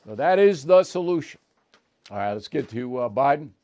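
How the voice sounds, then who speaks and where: A man's voice: medium pitch, lively intonation, normal speed, darkish tone. A man hosting his own show, delivering a blunt, emphatic opinion commentary monologue that is punctuated with "okay?" and "all right?".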